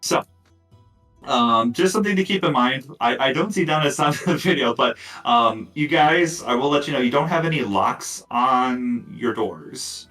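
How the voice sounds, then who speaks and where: A man narrating as dungeon master of a tabletop game, casual and relaxed, with lots of fillers and asides. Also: medium pitch, normal speed, recorded from a distance, soft background music, rough recording.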